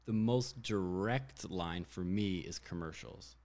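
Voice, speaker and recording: A man with a very low, deep voice talks loosely about his directing work. He rambles, filling his sentences with "like" and "you know", in a relaxed chat. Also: slow pace. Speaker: commercial director. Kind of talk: casual chat.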